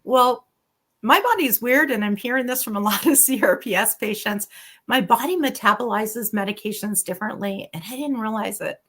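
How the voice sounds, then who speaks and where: A slightly high voice at a moderate pace belongs to a middle-aged woman, a physician and former patient, who openly tells her story as a guest in an interview. She's candid and animated, bringing in quoted dialogue.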